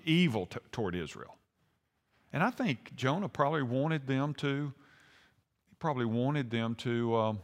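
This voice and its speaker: A man's voice: mid-range voice, a bit bright. A man preaching a sermon in a folksy, conversational way, acting out quotes with rising intensity. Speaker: pastor. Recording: long hall reverb.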